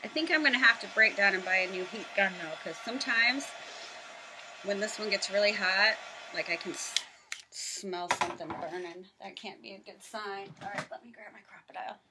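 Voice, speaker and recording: A woman's voice: mid-range voice, moderate pace, background noise. A woman from the American South giving a chatty, casual craft tutorial in her home office, narrating each step with self-deprecating asides. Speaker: craft vlogger.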